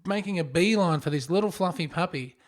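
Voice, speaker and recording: A man co-hosting a podcast, telling an animated story in casual chat and acting out the voices of the people in it. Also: high voice, fairly quick. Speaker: podcast co-host.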